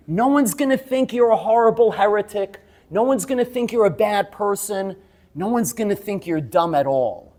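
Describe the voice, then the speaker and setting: A high-pitched male teacher lectures students, telling lively stories. He laughs as he tells them and keeps checking in with "yes?".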